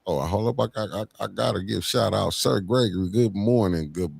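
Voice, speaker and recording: A deep-voiced man hosts a casual livestream chat. He talks in loose slang and greets his viewers one by one by name. His tone stays low and easygoing. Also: moderate pace, gravelly, a little mellow, breathy edge, no echo. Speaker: livestream host.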